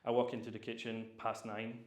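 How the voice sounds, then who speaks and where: A man's voice: lowish voice, completely flat delivery, brisk, reverberant. A young man with a Scottish accent, Polish by birth, telling his story as a guest in a casual interview, rambling with lots of fillers and restarts. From Scotland. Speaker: private chef, guest.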